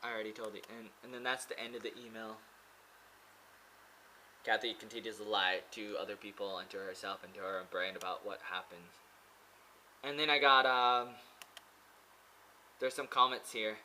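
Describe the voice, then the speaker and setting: Rambling, bright-voiced man vlogging. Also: lowish voice, fairly even intonation, normal speed, long pauses, slight background noise, rough recording. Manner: hesitant, many fillers and restarts. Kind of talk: rambling casual monologue. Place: pagoda.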